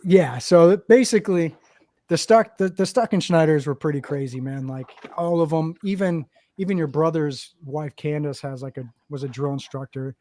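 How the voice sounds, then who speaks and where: A man hosting a podcast, telling a war story in a lively, profane way and acting out the people he quotes. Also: a little high, normal speed, dry recording. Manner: animated, profane, acts out quotes. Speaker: podcast host, Marine veteran. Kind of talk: casual storytelling.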